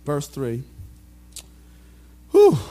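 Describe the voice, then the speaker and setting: A male preacher delivering a fervent sermon, moving between quiet scripture reading and shouted rhetorical questions. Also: on the high side, wildly swooping pitch, very slow.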